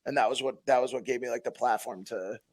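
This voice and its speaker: A man's voice: medium pitch, steady tone, fast, husky. A man in his thirties from Connecticut, a podcast guest telling a long personal story, blunt and swearing often, with many restarts. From Connecticut, USA. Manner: blunt, heavy swearing, frequent repeats.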